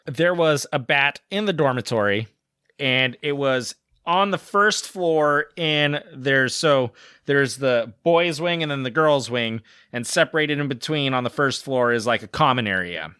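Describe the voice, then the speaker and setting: A man co-hosting a podcast, telling a casual story in an animated way and acting out other people's lines. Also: mid-range voice, smooth, dry recording, clean studio sound. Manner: animated storyteller, acts out shouted quotes. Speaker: podcast co-host.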